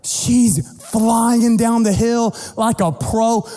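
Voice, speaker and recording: A middle-aged man preaching as a pastor, telling a family story in an animated, playful way and acting out the voices. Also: very high-pitched, very slow. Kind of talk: sermon storytelling. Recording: long hall reverb with faint music.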